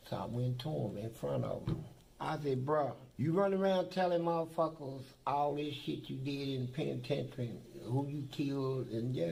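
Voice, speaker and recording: A heavily gravelly, fairly high-pitched older man in a documentary interview. He tells his prison stories bluntly and boastfully, with plenty of cursing, and a faint noise sits behind him. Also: dark tone, rough recording. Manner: blunt, profane, boastful storytelling.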